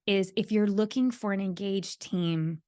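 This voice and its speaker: A woman's voice: medium pitch, unhurried, a little mellow, no echo, clean studio sound. A woman hosting a solo podcast who coaches leaders, speaking earnestly and repeating her key points for emphasis.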